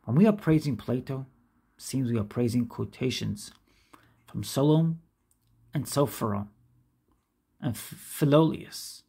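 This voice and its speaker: A woman's voice: a bass voice, lively intonation, unhurried, creaky, pauses often, mellow, slightly rough. A woman reading a classic essay aloud, careful and stumbling now and then over hard names. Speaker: reader.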